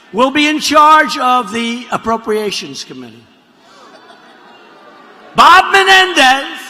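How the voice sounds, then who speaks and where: A man gives a rally speech in a bright, forcefully projected, fairly high voice. He rambles, mocks and repeats himself, sometimes bursting into shouts. His voice rings with long arena reverb over a faint crowd hum. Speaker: politician addressing a rally. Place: large rally venue.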